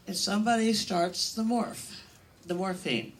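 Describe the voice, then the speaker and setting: A woman's voice: medium pitch, animated, unhurried, noisy background. An older woman performing a stand-up comedy routine on a comedy club stage, telling bawdy, self-mocking stories in a brash way.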